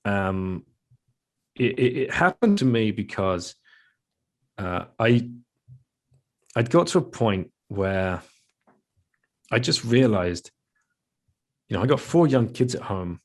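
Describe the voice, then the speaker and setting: A man's voice: on the low side, expressive, slow, long pauses. A middle-aged man speaking as a podcast guest, candid and reflective, with self-deprecating laughs and frequent restarts. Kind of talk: casual interview talk.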